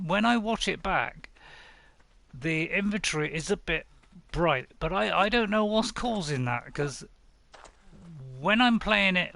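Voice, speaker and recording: A man's voice: high-pitched, vocal fry, bright, forceful tone, no room sound. A man chatting casually to viewers while playing a survival game live, rambling and poking fun at himself. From United Kingdom. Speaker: game streamer. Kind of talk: casual live-stream commentary.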